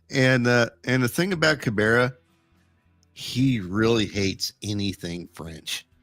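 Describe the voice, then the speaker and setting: A man's voice: mid-range voice, takes it slowly, fairly bright tone, faint music behind. A man co-hosting a casual talk show, laid-back and folksy, chuckling between remarks. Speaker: co-host. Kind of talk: casual chat.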